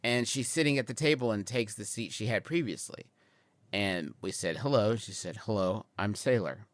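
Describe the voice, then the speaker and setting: A man's voice: lowish voice, moderate pace, no echo. A man in his forties, a podcast co-host telling a rambling comic story about a family outing. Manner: rambling, builds to excited laughing. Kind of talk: comedic storytelling.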